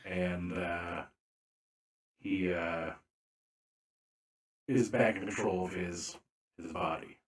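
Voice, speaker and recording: A man narrating a tabletop game as game master, slow and deliberate with frequent fillers. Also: sits low, steady tone, reverberant.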